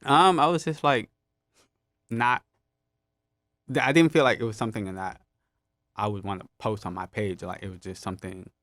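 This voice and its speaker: A man's voice: on the low side, fairly even intonation, moderate pace, long pauses, fairly bright tone, dry recording, studio quality. A young man telling stories in a casual podcast interview, laid-back, laughing often and acting out what others said. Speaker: podcast guest. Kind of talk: casual storytelling.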